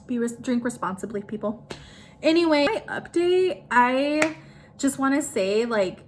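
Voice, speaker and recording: A woman with a somewhat high voice, talking straight to camera in a personal vlog. She is chatty and emotional, and fills her sentences with "like" and "you know". Faint noise sits behind her. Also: lively intonation, a little slow. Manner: chatty, emotional, heavy use of "like". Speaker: vlogger.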